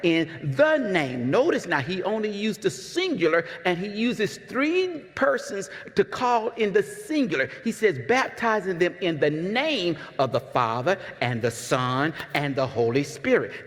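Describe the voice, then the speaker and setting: Male pastor, high lively voice, conversational sermon, reverberant church hall. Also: measured pace, few pauses. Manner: conversational, repeats words, asks the congregation questions. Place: church sanctuary.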